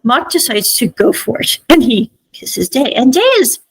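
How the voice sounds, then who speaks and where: A woman's voice: fairly high pitch, animated, normal speed, breathy edge, no room sound, poor audio. A woman hosting a podcast, casually recapping and reviewing a series in a chatty way, often saying "I'm like" as she retells scenes.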